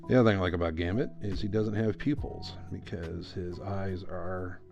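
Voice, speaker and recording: A man streaming a live drawing session, talking through his work in a relaxed, rambling way with lots of fillers. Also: sits low, normal speed, vocal fry, muffled recording, faint music behind. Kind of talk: casual commentary while drawing.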